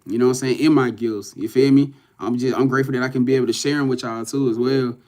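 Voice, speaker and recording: A man's voice: medium pitch, fairly even intonation, fast, darkish tone. A man, talking loosely to livestream viewers as a spiritual reader, swearing and often saying "you know what I'm saying". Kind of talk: casual livestream talk to viewers. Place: in front of a camera at home.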